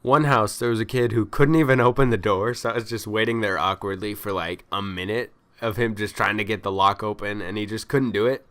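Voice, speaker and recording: A man with a somewhat low voice tells stories in a loose, ranting vlog style. He sounds exasperated and complaining, dropping into quick quoted lines as he acts out the people he met. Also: fairly even intonation, a bit bright. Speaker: vlogger. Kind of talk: casual storytelling rant.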